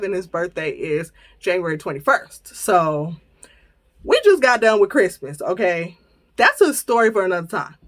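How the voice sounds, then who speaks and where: A podcast host with a medium-pitched voice tells listeners about something that happened to her. She's chatty and animated, laughing throughout and voicing her own quoted lines.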